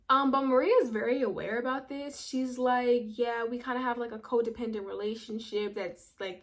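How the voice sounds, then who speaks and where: Chatty young woman recapping a show. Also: a little high. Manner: chatty, slangy, acts out quotes. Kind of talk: casual recap commentary.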